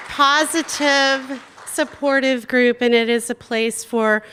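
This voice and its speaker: A woman's voice: sits high, steady tone, takes it slowly, background noise. A woman hosting a live awards evening, chatty with many fillers and frequent laughs. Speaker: awards host and group organizer. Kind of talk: live event speech. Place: event hall in New York.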